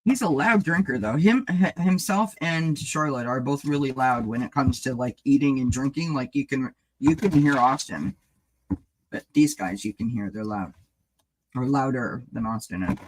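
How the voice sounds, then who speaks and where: A tarot reader with a mid-range male voice gives a casual live-stream reading at normal speed. He chats loosely, addresses viewers by name, and rambles, restarting his thoughts along the way.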